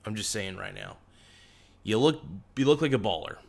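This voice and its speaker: A man's voice: lowish voice, lively intonation, normal speed, creaky. A young man hosting a casual livestream, reading out chat comments with joking, teasing banter. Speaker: livestream host.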